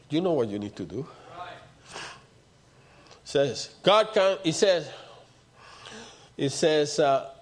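A man's voice: medium pitch, a little slow, long pauses. A man preaching a sermon, repeating his points and building to emphatic outbursts.

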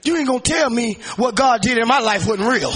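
High, bright-voiced shouting preacher man. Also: animated, brisk, husky. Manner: fervent, punctuates with hallelujah, swings between shouting and low storytelling. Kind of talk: shouted Pentecostal sermon.

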